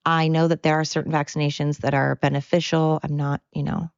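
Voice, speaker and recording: A woman's voice: low-pitched, little pitch movement, brisk, no room sound, lo-fi sound. A woman in her forties hosting a solo podcast, chatty and rambling with self-mocking asides. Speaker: podcast host. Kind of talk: casual solo podcast monologue.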